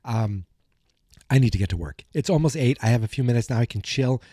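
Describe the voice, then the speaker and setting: Podcast host, male, scratchy morning voice, rambling self-joking chat, mellow dark tone. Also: medium pitch, animated, a little fast, husky, dry recording, clean studio sound. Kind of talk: casual recap monologue.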